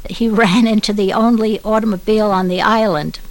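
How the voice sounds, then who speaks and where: A woman's voice: medium pitch, steady tone, fairly quick, rough recording. An older woman telling stories from her memories in an interview, chatty and light. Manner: chatty storyteller who laughs while recalling.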